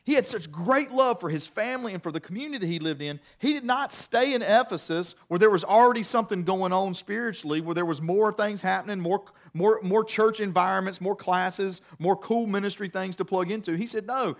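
A pastor preaching with a high, bright-sounding male voice. He tells a story in a relaxed, self-mocking way, drops into quiet low asides and then builds to loud, emphatic peaks. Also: brisk, few pauses. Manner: conversational storytelling with self-deprecating humor. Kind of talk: sermon.

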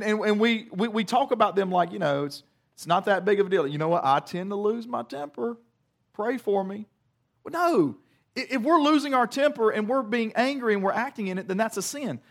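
High-voiced earnest young preacher. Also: male voice. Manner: earnest, retells scripture in plain conversational words. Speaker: pastor. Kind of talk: sermon.

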